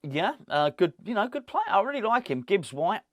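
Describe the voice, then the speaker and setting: Brief: male fan-channel host, fairly high pitch, dry close sound, loose chatty delivery with wry asides. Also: big pitch swings, normal speed, no echo. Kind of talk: casual chat to camera.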